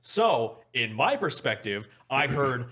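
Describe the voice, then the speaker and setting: A young American man, a former soldier, telling a lively army story on a podcast and acting out the voices. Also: medium pitch, takes it slowly. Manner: animated, acts out voices and sound effects, laughs often. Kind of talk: casual storytelling.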